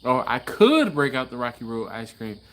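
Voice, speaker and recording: A man's voice: medium pitch, big pitch swings, normal speed. A man hosting a casual livestream from his garage, chatting loosely and reading out viewer comments with easy laughs. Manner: laid-back, chatty, laughs often, trails off. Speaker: livestream host. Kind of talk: casual live-stream chat reading comments.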